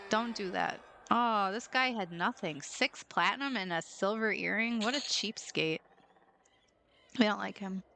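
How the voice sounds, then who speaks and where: A young woman streams a game and chats playfully with viewers, giggling at her own jokes. Her mid-range voice is pushed and bright, and she talks a little slowly. The recording is low quality, with slight background noise.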